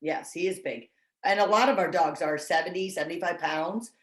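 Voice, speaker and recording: A woman's voice: lowish voice, brisk. Woman, dog trainer, casual video-call chat, roomy sound. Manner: chatty, self-deprecating, restarts often. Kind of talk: casual online training talk.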